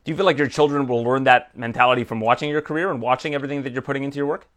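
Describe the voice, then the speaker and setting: Casting: male interviewer, brisk pace, chatty and probing. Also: mid-range voice, steady tone, a bit bright. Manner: fast, probing, with fillers. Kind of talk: interview questions.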